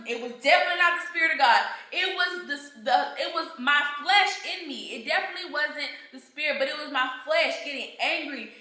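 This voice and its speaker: A woman's voice: high-pitched, sharp tone, echoey room. A woman giving an earnest devotional teaching, stressing points through emphatic repetition. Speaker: Bible teacher.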